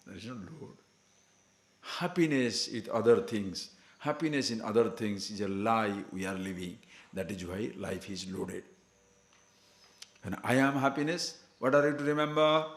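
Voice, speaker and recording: Emphatic spiritual teacher, lively voice. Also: male voice, mid-range voice, roomy sound. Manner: asks many rhetorical questions, emphatic. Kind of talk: scripture discourse to a class.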